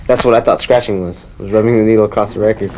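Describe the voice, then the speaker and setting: A man's voice: fairly low pitch, steady tone, rapid-fire, a little mellow, a little hiss or hum. A young man from the Bay Area telling a casual, rambling story as an interviewee and mimicking turntable scratches with his mouth.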